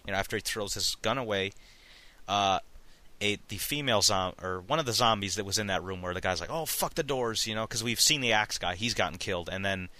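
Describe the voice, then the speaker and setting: A man on a podcast retelling a story in casual chat, rambling and halting with lots of fillers. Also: on the low side, bright, forceful tone, no echo. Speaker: podcast co-host recapping a story.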